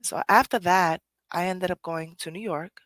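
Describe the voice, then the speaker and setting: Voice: medium pitch, moderate pace, fairly bright tone, no echo. Earnest podcast host, dry sound. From Puerto Rico. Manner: earnest, conversational, often restarts phrases, swears casually. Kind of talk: personal reflective monologue.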